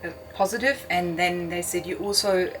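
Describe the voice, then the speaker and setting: A middle-aged woman recalls events in a halting, earnest voice. She often pauses on fillers as she searches for her words. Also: on the low side, fairly even intonation, a bit bright, a little hiss or hum. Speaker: interview guest. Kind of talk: personal account in conversation.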